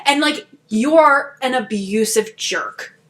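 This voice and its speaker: A young woman co-hosting a podcast, retelling a story in a casual chat with animated indignation and laughter. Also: sits high, slow. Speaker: podcast co-host.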